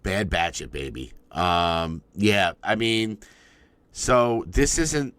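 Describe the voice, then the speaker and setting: A man's voice: low voice, takes it slowly, fairly bright tone, clean tone, dry recording. A man co-hosting a podcast in casual chat, laid-back and jokey, with lots of "um" and "you know". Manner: laid-back, joking banter with frequent fillers. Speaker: podcast co-host.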